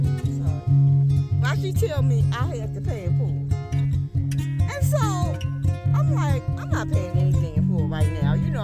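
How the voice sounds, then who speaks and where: A middle-aged woman vents on her phone vlog, heated and all over the place. Her voice sits high and swings widely up and down. Loud music plays behind her the whole time. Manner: animated, heated and rambling. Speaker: vlogger. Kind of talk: casual vlog rant.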